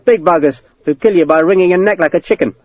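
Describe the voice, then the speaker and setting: A man voicing a tough, rough-spoken English soldier who talks bluntly and swears. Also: sits high, quick pace, darkish tone, voice pushed up, natural voice. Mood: gruff.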